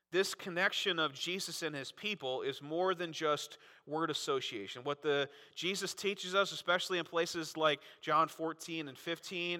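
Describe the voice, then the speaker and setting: A man preaching a sermon as pastor, animated and full of rhetorical questions. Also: fairly high pitch. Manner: animated, frequent rhetorical "right?" asides. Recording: long reverb of a large hall.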